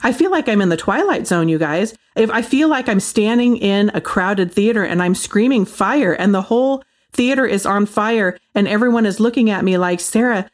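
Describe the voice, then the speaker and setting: An animated woman gives a casual Christian monologue. She speaks in an incredulous, colloquial way, laughs often, and her pitch sits in the middle. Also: normal speed. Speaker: Christian commentator.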